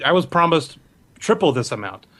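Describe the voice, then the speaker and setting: A man voicing an easily angered ship captain who argues loudly in a tabletop game. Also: on the high side, sing-song, moderate pace, pitched above the performer's own voice. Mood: indignant.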